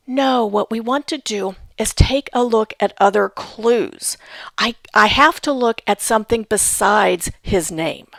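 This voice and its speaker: A woman's voice: on the high side, expressive, measured pace, gravelly, no room sound, clean studio sound. A woman giving a patient instructional talk on family history research, spelling out names letter by letter. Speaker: genealogy instructor.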